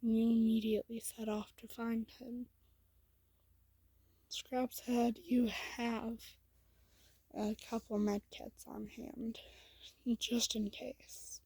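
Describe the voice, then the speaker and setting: Woman storyteller, whispered role-play; breathy, slow, flat delivery. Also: a little high, no room sound, rough recording. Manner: soft, hushed and slow, with small slips.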